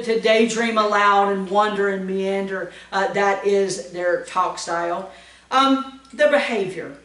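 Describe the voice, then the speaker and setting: A woman's voice: mid-range voice, recorded from a distance. Woman devotional host, earnest and chatty, repeats points to listeners; roomy sound, a little off-mic. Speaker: host of weekly devotional talk. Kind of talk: casual devotional talk.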